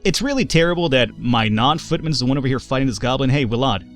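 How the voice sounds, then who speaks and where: A man giving casual, profane let's play commentary, yelling at his game characters. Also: medium pitch, a little fast, faint music behind. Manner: profane, excitable, yells at characters. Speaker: gameplay commentator.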